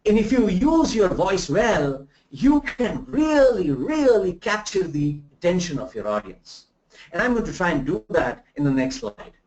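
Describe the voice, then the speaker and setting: Male trainer from India, high lively voice, rhetorical questions to a remote class; roomy, dull recording. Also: moderate pace. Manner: animated, rhetorical questions, demonstrates examples. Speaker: soft skills trainer. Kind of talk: live remote lecture. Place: room in Bangalore.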